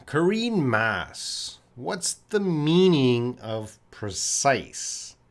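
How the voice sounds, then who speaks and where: A man from Canada teaching English on a live stream, answering viewers' chat questions patiently and slowly with many pauses. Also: mid-range voice, sing-song. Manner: slow, patient, repeats student names and pauses with uh; drinks tea while talking to the camera.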